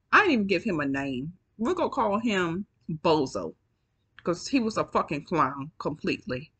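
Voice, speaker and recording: A woman's voice: on the low side, a bit bright, husky. Woman doing a storytime vlog, yawny and tired, swearing casually and chatting to y'all. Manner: chatty, profane, addresses viewers as y'all. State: yawning, sleepy. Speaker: storytime vlogger.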